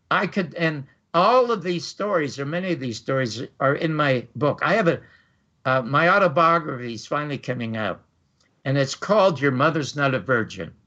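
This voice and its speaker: A man's voice: a little high, a bit bright. An older man hosting a talk show, telling a long personal story with energy and acting out the quoted voices. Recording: dull lo-fi audio.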